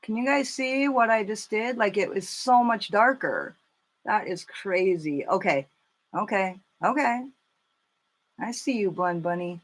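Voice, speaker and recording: A woman in her thirties chatting casually and cursing freely as she does her makeup live for viewers, telling stories with animated energy. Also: mid-range voice, unhurried. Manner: chatty, profane, animated storytelling. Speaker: makeup vlogger.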